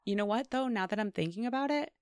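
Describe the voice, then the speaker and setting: A woman leading a casual discussion, speaking in an emphatic, animated way and reading out questions. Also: a little high, quick pace, clean tone, dry recording, studio quality.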